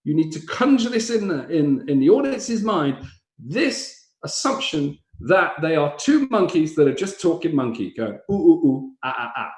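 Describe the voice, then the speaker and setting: A man's voice: a little high, big pitch swings, normal speed. A man teaching stand-up comedy, explaining how jokes work and acting out silly little voices. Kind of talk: explaining joke structure, live online session. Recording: echoey room.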